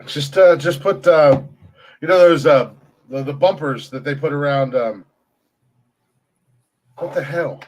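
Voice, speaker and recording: A man's voice: on the high side, measured pace, pauses often, darkish tone, low-quality recording. A man co-hosting a crude comedy podcast, swearing often, laughing and telling stories with quoted voices. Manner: profane, laughing, tells stories with put-on quotes. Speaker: podcast co-host. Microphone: laptop on phone hotspot.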